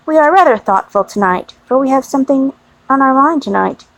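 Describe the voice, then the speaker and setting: A woman reading the part of a gentle, devoted young wife who speaks with tender earnestness. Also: sits high, animated, a little fast, no echo, rough recording.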